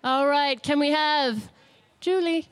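A woman's voice: high-pitched, slow pace. A woman hosting a word game at an outdoor live radio broadcast, playful and upbeat. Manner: playful and upbeat, laughs often.

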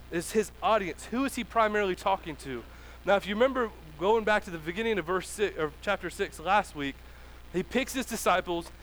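Male pastor, thirties, high-pitched, chatty and animated from the pulpit. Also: a little hiss or hum. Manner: casual, animated, acts out dialogue in asides. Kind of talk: conversational sermon.

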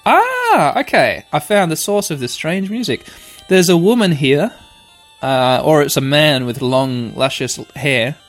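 Young man, let's play commentary, playful, excitable, animated pitch, slightly high voice. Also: unhurried. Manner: playful, excitable, reads game text aloud. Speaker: game player. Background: faint game music.

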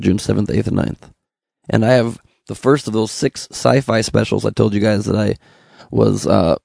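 A man's voice: on the low side, creaky, a little mellow, dry recording, studio quality. A young man from Los Angeles hosting a comedy podcast, riffing sarcastically and slipping into mock voices. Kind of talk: comic monologue.

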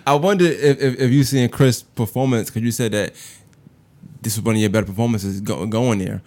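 A man co-hosting a casual chat, relaxed, asking reflective follow-up questions. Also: medium pitch, a little fast. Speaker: podcast co-host.

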